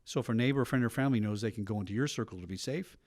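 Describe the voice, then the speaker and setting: A middle-aged man, a retired police officer, telling stories in a documentary interview with brisk asides. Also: medium pitch, darkish tone, no room sound, clean studio sound. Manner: brisk storytelling with frequent asides.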